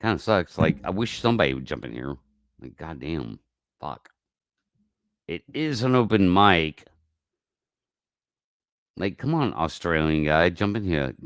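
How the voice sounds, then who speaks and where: A man hosting a casual livestream, talking in a rambling, profane way that swings from mumbled asides to loud outbursts, on a close mic. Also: deep voice, lively intonation, unhurried, pauses often, no echo. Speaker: livestream host.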